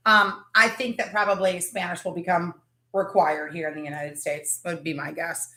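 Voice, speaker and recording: A woman's voice: fairly low pitch, steady tone, normal speed, pushed and bright, echoey room. A woman hosting a casual livestream, chatting and greeting viewers by name. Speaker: livestream host.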